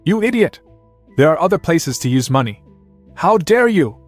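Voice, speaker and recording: A man voicing a hot-tempered, violent brawler who yells in fury. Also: high-pitched, lively intonation, fairly quick, soft background music, pitched above the performer's own voice. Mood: furious. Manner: shouting, furious.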